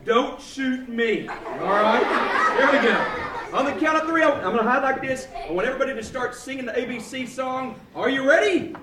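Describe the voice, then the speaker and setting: A very high-voiced man hams it up as a children's entertainer, his pitch jumping all over as he jokes and teases the kids. He sounds distant in a big, echoey room, with a loud crowd of children behind him. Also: animated, brisk. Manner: playful, clowning, bantering with children. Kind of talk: live kids' show patter. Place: large indoor room at a library event. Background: noisy crowd of children.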